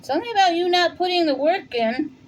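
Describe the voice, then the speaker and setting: A woman's voice: very high voice, expressive, fairly quick, slight background noise, low-quality recording. A woman with a New York accent giving a casual tarot reading, thinking aloud with plenty of fillers. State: warm and winded after shoveling. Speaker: tarot reader. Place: home in Colorado.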